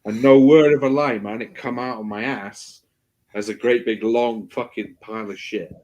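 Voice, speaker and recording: A man's voice: medium pitch, fairly even intonation, normal speed, mellow. A man hosting a stream, telling crude anecdotes with lots of swearing in casual chat. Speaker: stream host.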